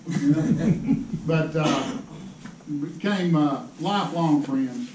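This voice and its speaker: A man's voice: a little high, lively intonation, slow. A man telling rambling, laughing stories to a crowd at a tackle show seminar. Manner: folksy, rambling, laughs often. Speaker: fishing pro giving a seminar. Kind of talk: casual storytelling to a crowd. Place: indoor tackle show hall. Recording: echoey hall, distant mic, crowd noise.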